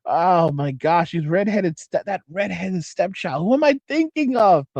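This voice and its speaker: A man rambles through a livestream, swearing freely, jumping between thoughts and answering his chat. His voice sits a bit high for a man. The sound is dry and close, with no room echo. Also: normal speed, hardly any pauses, lo-fi sound. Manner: profane, excitable, trails off and restarts. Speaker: livestream host reading chat. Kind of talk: casual rambling livestream talk.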